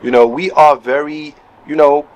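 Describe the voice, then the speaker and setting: A man's voice: fairly high pitch, fairly even intonation, normal speed, highs cut off. Laid-back Brooklyn man. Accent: New York. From Brooklyn, New York. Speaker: podcast host. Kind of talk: casual podcast chat.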